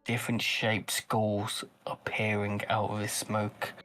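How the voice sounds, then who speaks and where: A man running a tabletop game as game master, narrating slowly with pauses and restarts. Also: fairly low pitch, completely flat delivery, sharp tone. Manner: slow, halting narration with restarts.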